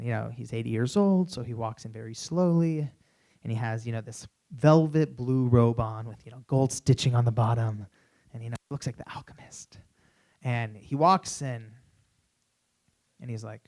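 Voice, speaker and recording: A young man giving a keynote on a conference stage, telling an animated story through a stage microphone, with many "you know"s. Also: medium pitch, normal speed. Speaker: keynote speaker.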